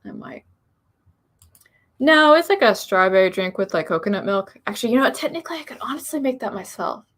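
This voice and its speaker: A woman's voice: fairly high pitch, expressive, fast, hardly any pauses, a bit bright. A young adult woman chatting casually on a live stream, reading viewer comments aloud and rambling about her plans. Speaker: author streamer.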